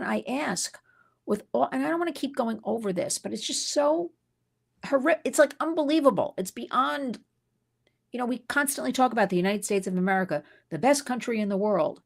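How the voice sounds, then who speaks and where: A woman's voice: mid-range voice, darkish tone. Indignant woman hosting a livestream. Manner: emphatic and indignant, reads viewer comments aloud. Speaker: livestream host. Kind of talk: unscripted livestream talk. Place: New York City.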